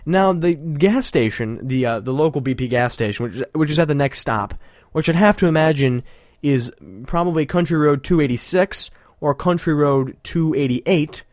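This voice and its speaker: A man talks through a news story in a loose, mocking way, laughing at his own jokes. His voice sits a little high. The recording is dry, with no room sound. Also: normal speed, a little mellow, no echo. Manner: sarcastic, rambling, laughing often. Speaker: podcast host. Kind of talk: casual mocking commentary.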